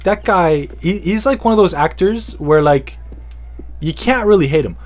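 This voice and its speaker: A man's voice: high voice, expressive, moderate pace. A man chatting casually as a podcast host, rambling, repeating himself and joking with lots of swearing. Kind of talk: casual comedic podcast chat.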